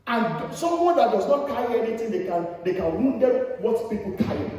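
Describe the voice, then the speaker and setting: High-voiced preacher in an echoey hall. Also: male voice, sing-song, fairly quick, a little mellow, distant mic. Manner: exhorting, repeats phrases for emphasis. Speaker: pastor. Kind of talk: sermon.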